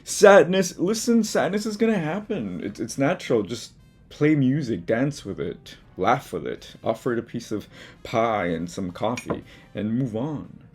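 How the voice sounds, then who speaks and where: A man's voice: mid-range voice, big pitch swings, a little slow, husky, soft background music. A man hosting his own art video, talking frankly and casually about habits to drop, with swearing and self-mocking asides, from his studio. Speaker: artist and video host. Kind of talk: casual motivational talk to camera.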